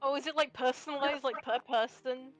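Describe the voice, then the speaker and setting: A woman's voice: high-pitched, steady tone, brisk, soft background music, rough recording. A woman playing in a tabletop game, chatting in a blunt, joking way. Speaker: player. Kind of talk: casual chat during a tabletop game.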